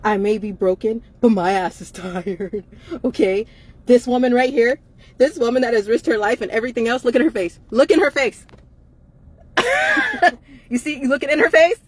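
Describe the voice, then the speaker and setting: A woman's voice: on the high side, fairly quick, a little mellow, husky. A tired woman co-hosting a live chat, emphatic and repetitive, laughing often and swearing freely. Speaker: co-host of a live chat show. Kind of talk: casual live-stream chat.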